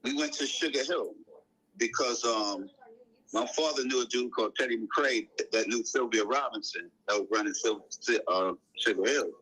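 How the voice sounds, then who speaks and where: A man, a guest on a talk show, telling a long story in a relaxed, casual way. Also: medium pitch, normal speed, breathy edge, rough recording. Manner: animated storyteller, acts out quotes in raised voice.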